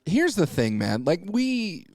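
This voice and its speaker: A man co-hosting a podcast who chimes in with quick reactions and jokes in a casual chat. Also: high-pitched, wildly swooping pitch, darkish tone, dry recording, clean studio sound. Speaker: podcast co-host.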